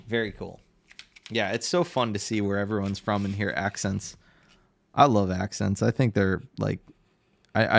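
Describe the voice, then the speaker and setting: Gravelly-voiced Northeastern American man. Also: on the low side. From Connecticut, USA. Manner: chatty, reads chat aloud, laughs often. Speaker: livestreaming artist. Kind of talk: casual livestream chat while drawing.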